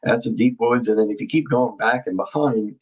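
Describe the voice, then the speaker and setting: A man in a casual live discussion, guiding through a map with halting speech and many fillers and restarts. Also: medium pitch, breathy edge, low-quality recording.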